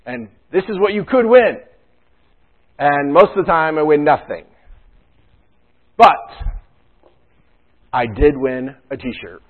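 A man's voice: on the high side, lively intonation, normal speed. A man preaching a conversational sermon as pastor, chatty and joking in his asides. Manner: casual, chatty asides and jokes. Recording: tinny phone-like sound.

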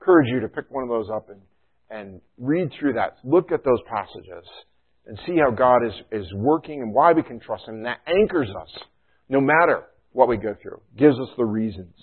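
A man's voice: mid-range voice, expressive, moderate pace, breathy edge. A middle-aged man pastor preaching a sermon in a conversational way, often adding "you know" and "right?". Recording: thin phone-like sound.

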